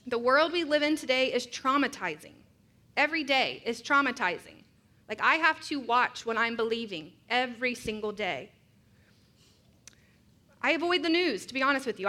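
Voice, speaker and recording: A woman's voice: fairly high pitch, bright, forceful tone. A woman preaching a sermon, earnest and reflective, mixing scripture with personal stories.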